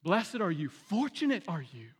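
Speaking at a normal speed, a pastor with a high, light, husky voice gives a sermon that feels relaxed and conversational. He often restarts sentences and asks his congregation direct questions, while a big hall adds long, ringing reverb.

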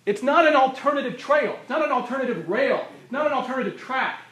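High-voiced man preaching in an echoey hall. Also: expressive, quick pace, fairly bright tone, dull audio. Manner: emphatic, repeats phrases for stress. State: losing his voice. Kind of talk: sermon. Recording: roomy echo of a hall.

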